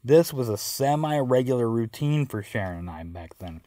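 A man's voice: mid-range voice, lively intonation, normal speed, warm tone, no room sound. A man telling a first-person story with wry, self-mocking narration.

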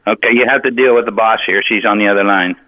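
A man's voice: lowish voice, fairly even intonation, quick pace, no room sound. A man on a tinny phone line who sounds puzzled and stammers through his replies. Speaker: prank call target. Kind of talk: phone conversation.

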